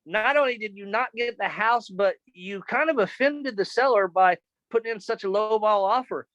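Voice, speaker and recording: A man voicing a calm, matter-of-fact male realtor in a spoken story. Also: high voice, normal speed, no room sound, dull audio.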